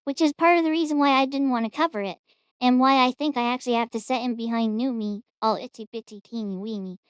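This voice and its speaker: Chatty woman reacting, smooth dry voice. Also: fairly high pitch, fast, dry recording. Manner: chatty, rambling, amused. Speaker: reaction streamer host. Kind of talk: casual reaction commentary.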